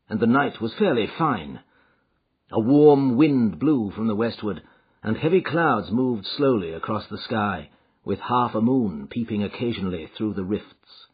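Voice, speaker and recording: Husky male audiobook narrator. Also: lowish voice. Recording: slightly muffled lo-fi audio.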